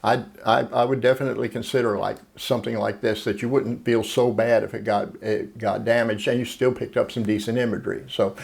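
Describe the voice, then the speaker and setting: A man hosts a casual camera review vlog. His voice is mid-pitched with a gravelly edge. He explains plainly and unhurriedly, often restarting his sentences. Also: steady tone, a little fast, hardly any pauses, a little mellow. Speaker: photography video host.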